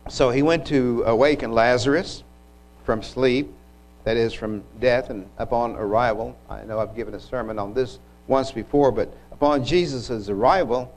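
A man preaching a sermon, retelling scripture in an unhurried, reflective way with occasional restarts. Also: medium pitch, low-quality recording.

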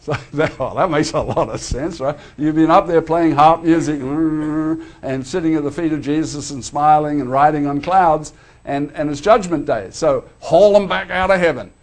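Older male preacher, somewhat high voice, conversational and animated, keeps asking the crowd "right?". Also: normal speed. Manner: conversational, animated, frequent tag questions. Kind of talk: sermon.

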